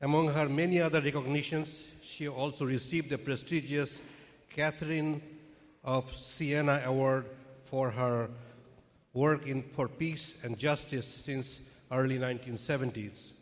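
A man, the founder of an interfaith group, giving a formal award speech at a dinner event in short, halting phrases. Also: medium pitch, fairly even intonation. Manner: slow, halting delivery broken into short phrases. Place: banquet hall at an event. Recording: long reverb in a large hall.

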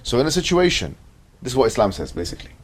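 A man's voice: medium pitch, big pitch swings, very fast, slightly rough, far from the mic. A man teaching an ethics class, asking the students questions and often checking with "right?".

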